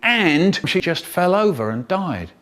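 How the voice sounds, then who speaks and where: Theatrical male storyteller, lively pitch. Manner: theatrical, drawn-out, exaggerated delivery. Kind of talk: spliced comedic storytelling.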